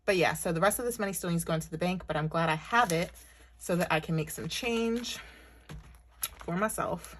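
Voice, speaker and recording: A woman in her thirties vlogging from her bedroom at home, chatting casually to viewers and counting her budget cash out loud. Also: fairly low pitch, brisk, slight background noise. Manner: chatty, talks to viewers as y'all, counts money aloud.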